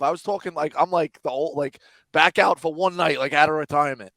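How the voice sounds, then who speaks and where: A man in his thirties, a podcast co-host, telling rowdy stories in casual chat and acting out quotes loudly. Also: on the high side, a little fast, no room sound. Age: 30s.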